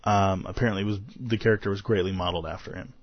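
A man's voice: sits low, fairly even intonation, rapid-fire, dry recording, lo-fi sound. A tired man hosting a podcast, recapping a convention in a rambling, self-deprecating way and laughing often. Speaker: podcast host.

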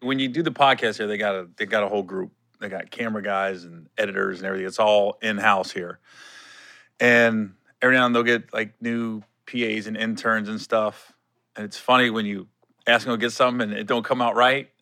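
A man's voice: fairly low pitch, steady tone, a little fast, vocal fry, pushed and bright, dry recording. A middle-aged man hosting his own podcast in a studio, chatting casually and telling stories with laughter and quoted voices. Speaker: podcast host. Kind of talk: casual solo podcast chat. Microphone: studio podcast mic.

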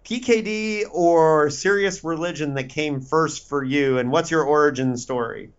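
A man's voice: a little high, a little slow, clear, resonant tone, muffled recording. A man hosting a podcast, playful and jokey as he introduces guests. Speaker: podcast host.

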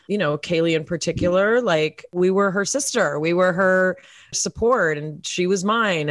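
Woman guest, candid and self-mocking, lots of fillers; slightly low pitch, dry recording. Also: no room sound. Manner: candid and self-deprecating, laughs often; frequent "like" and "you know" fillers. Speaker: guest, actress and podcaster. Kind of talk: candid interview chat.

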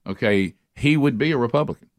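A man co-hosting a radio talk show. He restarts and repeats words in folksy banter. His voice is mid-pitched and sits close on a dry studio mic. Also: fairly quick, dry recording. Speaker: radio co-host.

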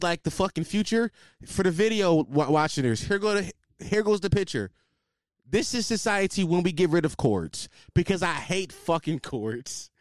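A young man talks into a desk microphone on his solo podcast, rambling and swearing freely. His pitch swings up and down a lot as he goes, and the sound is close and dry with no room echo. He keeps poking fun at himself between points. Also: smooth. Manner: rambling, profane, self-deprecating. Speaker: podcast host. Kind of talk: casual solo podcast chat.

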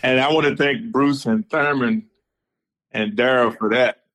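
A middle-aged man from North Carolina, a former football player, telling stories in a relaxed, laughing way and repeating his phrases as he talks over a phone. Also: medium pitch, unhurried, low-quality recording. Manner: laid-back, laughs often, repeats phrases. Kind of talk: casual storytelling over the phone.

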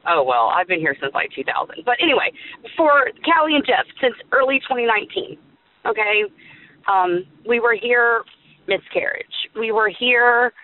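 Woman caller rambling on a voicemail, tinny phone sound. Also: medium pitch. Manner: warm, rambling, affectionate. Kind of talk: voicemail to a podcast.

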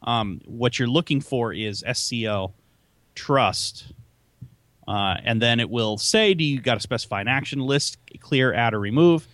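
Male co-host, mid pitch, hesitant how-to delivery, dry sound. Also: a little slow, fairly bright tone, no echo. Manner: hesitant, lots of um and uh, restarts. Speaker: show co-host. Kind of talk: casual chat, explaining game commands.

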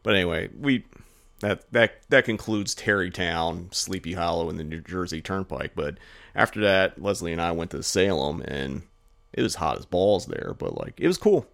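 A man's voice: low voice, lively intonation, moderate pace, gravelly, a bit bright, dry recording. A man co-hosting a podcast, telling a rambling, profane anecdote in a casual chat full of "like" fillers. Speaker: podcast co-host.

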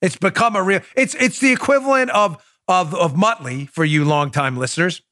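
A man's voice: high voice, normal speed, pushed and bright, dry recording, studio quality. A man hosting a political podcast, talking in a sarcastic, incredulous and emphatic way to his listeners and his co-host. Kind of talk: opinionated podcast monologue.

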